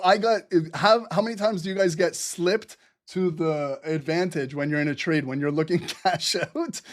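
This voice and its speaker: A man hosting a live trading stream, talking fast and excitedly, laughing often and swearing casually. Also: high-pitched. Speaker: livestream trading host.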